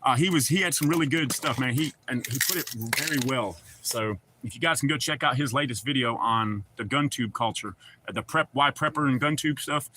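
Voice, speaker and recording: A man's voice: medium pitch, fairly quick, bright, forceful tone, a little hiss or hum. A middle-aged man with a Southern accent chats loosely on a livestream, rambling and reading out viewer comments with casual swearing. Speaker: livestream host.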